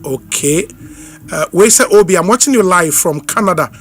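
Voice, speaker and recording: A man's voice: high-pitched, expressive, fairly bright tone, soft background music. A man with a Ghanaian accent hosting a live radio talk show, reading out listener greetings and mixing English with Twi. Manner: reads out names and greetings briskly, repeats phone numbers slowly.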